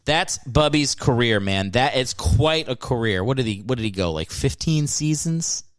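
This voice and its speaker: Dude doing a solo comedy podcast, snarky and sweary, mid pitch, dry sound. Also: male voice, expressive, moderate pace, dry recording. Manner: sarcastic, profane, riffing. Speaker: podcast host.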